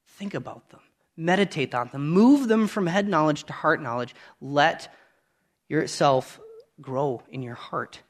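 A man in his thirties preaching a sermon, earnest and conversational, rising loud on key points and dropping to quiet asides. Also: a little high, measured pace.

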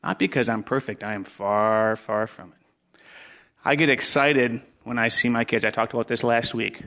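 A middle-aged man preaching a sermon as pastor, earnest, repeating his phrases and dropping from loud stress to near hush. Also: medium pitch, normal speed.

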